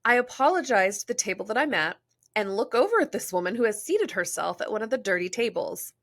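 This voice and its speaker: A woman's voice: medium pitch, fast talker. A woman podcast host reading a listener's story aloud, breaking off to joke and laugh in casual asides. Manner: animated, laughs and jokes between read passages.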